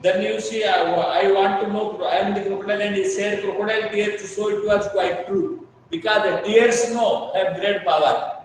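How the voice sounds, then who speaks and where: A man's voice: high-pitched, fairly even intonation, moderate pace, few pauses, a little hiss or hum. A man teaching a class, explaining patiently with much repetition and checking that students understand. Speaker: English teacher. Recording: echoey room, mic far off.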